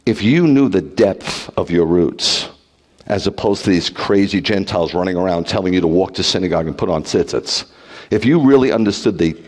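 A man preaching as a rabbi, blunt and animated, peppering the congregation with rhetorical questions and teasing jabs. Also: sits low. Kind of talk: livestreamed sermon. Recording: long hall reverb.

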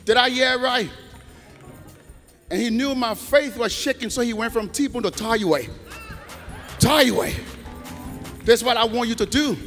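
A middle-aged man giving a church testimony in a preaching cadence that swells into shouted, half-sung praise. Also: extremely high pitch. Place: large church sanctuary. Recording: long church reverb, faint organ music.

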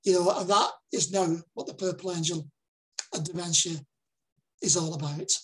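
Older Lancashire man, husky and a little breathy, earnest public speaker who repeats key lines for emphasis. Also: sits high, moderate pace, rough recording. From Lancashire, England. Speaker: dementia campaigner giving a talk. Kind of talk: public presentation.

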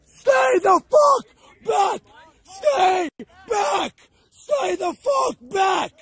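A man's voice: extremely high pitch, expressive, very slow, a bit bright, shouting. A man filmed in a street confrontation, screaming panicked warnings over a chanting crowd, heard in an archival stream clip. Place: outdoors on a street.

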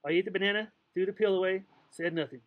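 Phone-quality sound carries a man's high voice at a quick pace. He's casually reading a novel aloud, playful and loose, occasionally fumbling a line and slipping in asides.

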